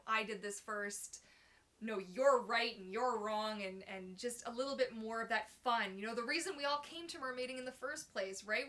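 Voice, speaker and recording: Woman host, bright and higher voice, bubbly live chat from a phone at home. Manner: bubbly, chatty, fillers like "like" and "oh my gosh". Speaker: livestream host. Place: at home at her computer.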